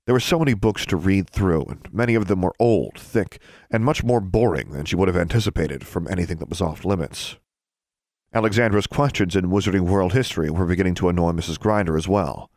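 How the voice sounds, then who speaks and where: Low-voiced man reading an audiobook. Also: brisk, darkish tone, no echo. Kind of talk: audiobook narration.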